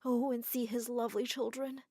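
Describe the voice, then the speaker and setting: A woman voicing a stern middle-aged mother who scolds dramatically, in an animated story. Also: a little high, normal speed, no echo, studio quality. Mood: scornful.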